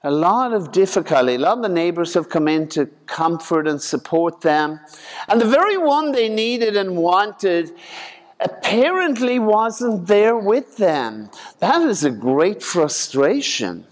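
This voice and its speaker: A man preaching a conversational sermon in a folksy way, acting out voices with sudden leaps in pitch. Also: sing-song, unhurried. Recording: long reverb of a large hall.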